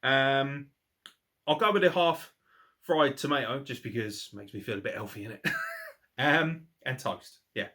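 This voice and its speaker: A man's voice: medium pitch, moderate pace, pushed and bright. A young man hosting a podcast, answering listener questions in a casual, sweary, laddish way with lots of banter.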